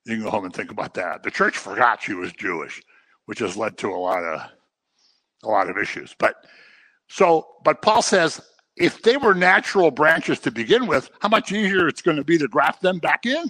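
A man preaching a sermon, swinging between loud emphasis and quiet asides. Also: mid-range voice, sing-song, normal speed.

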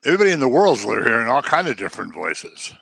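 Guy preaching, bouncy pitch, bright dry sound, acts out the voices. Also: fast, vocal fry, husky, no room sound. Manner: animated, acts out quoted voices. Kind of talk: sermon.

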